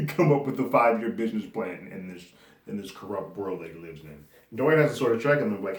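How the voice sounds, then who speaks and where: A man's voice: lowish voice, animated, brisk. A man giving a loose, conversational recap of a TV episode, chuckling now and then as he talks it through. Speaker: movie and TV reviewer. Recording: roomy echo.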